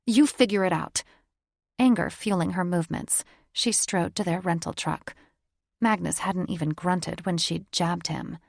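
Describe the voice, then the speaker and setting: A woman reading a paranormal romance audiobook as narrator in steady storytelling. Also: on the low side, unhurried, vocal fry, dry recording, studio quality. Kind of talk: scripted narration.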